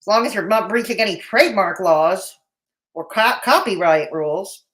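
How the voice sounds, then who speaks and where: A woman's voice: medium pitch, normal speed, a bit bright. A woman hosting a live commentary stream, blunt and mocking in tone, with a Canadian accent. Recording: roomy echo.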